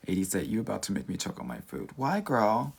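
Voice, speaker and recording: A man's voice: lowish voice, sing-song, brisk. A man from Southern California with a Valley accent, a dating coach doing a casual livestream Q&A, sassy and campy, calling everyone "girl.". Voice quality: creaky.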